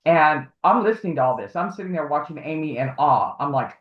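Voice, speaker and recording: A woman's voice: sits low, lively intonation, a little fast, hardly any pauses. A woman guest telling a long story in casual livestream talk, rambling and acting out the voices of the people she quotes. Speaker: guest, advocate for harassment victims. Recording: tinny phone-like echoey audio.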